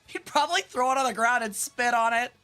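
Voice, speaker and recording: Bright, animated young woman streaming games. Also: fairly high pitch, fairly quick, faint music behind. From Memphis, US South. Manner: animated, swears freely, laughs and shrieks. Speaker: vtuber streamer. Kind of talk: casual live-stream chat while gaming.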